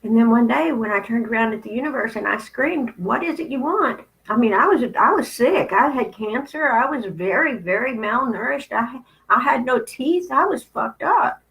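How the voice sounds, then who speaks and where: A woman's voice: fairly high pitch, expressive, normal speed, gravelly, a bit bright, low-quality recording. A woman in her fifties giving a candid spiritual talk, blunt and conversational with some profanity. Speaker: spiritual channel host.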